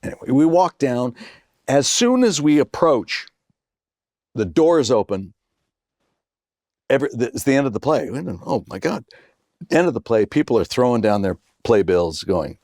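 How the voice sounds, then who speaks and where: A man's voice: mid-range voice, normal speed, pauses often, no echo, studio quality. A man in his sixties, a guest on a chat show, telling a story in a casual way and acting out the voices of the people in it. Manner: animated storyteller who acts out quoted voices. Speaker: guest actor.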